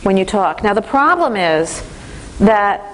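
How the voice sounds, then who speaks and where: Lively woman instructor teaching a class. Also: mid-range voice, a little slow, poor audio. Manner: lively, conversational, addresses the class directly. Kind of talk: classroom training lecture.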